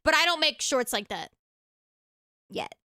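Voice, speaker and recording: A woman's voice: high voice, animated, unhurried, bright, forceful tone, dry recording, studio quality. A young woman hosting a casual livestream, chatting in a rambling way that often trails off. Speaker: streamer host. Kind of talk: casual livestream chat and reaction.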